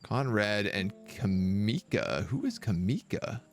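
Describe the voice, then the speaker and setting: A man's voice: fairly low pitch, wildly swooping pitch, slow pace, soft background music. A man giving casual, wry live commentary while he plays a strategy game, chatting and thinking aloud. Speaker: streamer playing a kingdom sim. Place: living in Quebec.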